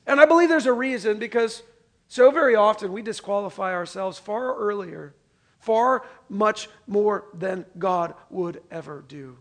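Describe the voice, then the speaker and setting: A man preaching a sermon as pastor in a casual, conversational way, calling on the congregation to answer and dropping from loud emphasis to soft, quiet lines. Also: sits high, moderate pace.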